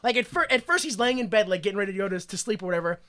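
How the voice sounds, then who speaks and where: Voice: mid-range voice, animated, racing, a bit bright. A podcast co-host recapping a movie in casual comedic chat, rambling and profane, laughing often.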